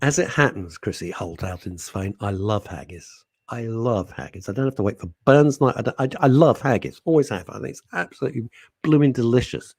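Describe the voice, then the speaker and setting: A man's voice: medium pitch, a little fast, gravelly, slightly rough. A man hosting a radio talk show, chatting casually and reading out listener comments by name. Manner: chatty, animated, jokey, talks to listeners by name.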